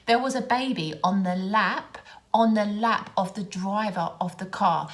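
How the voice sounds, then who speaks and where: A woman's voice: mid-range voice, moderate pace. Sarcastic Londoner woman ranting. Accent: London English. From London, England. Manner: exasperated, sarcastic, animated storyteller. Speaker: vlogger. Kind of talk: casual ranting vlog.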